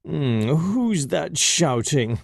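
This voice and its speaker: A man's voice: on the high side, big pitch swings, vocal fry, no echo, studio quality, voice pushed up, heavily acted. A man voicing a big, grumpy and boastful male lion who growls and mutters. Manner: growling, slow.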